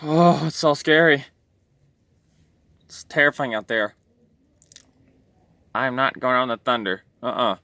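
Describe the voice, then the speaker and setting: A man's voice: medium pitch, slow, long pauses, pushed and bright, no echo. A man voicing a jittery male robot clown who is frightened of storms, sighing and whining as he talks. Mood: fretful. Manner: sighing, whiny, easily frightened.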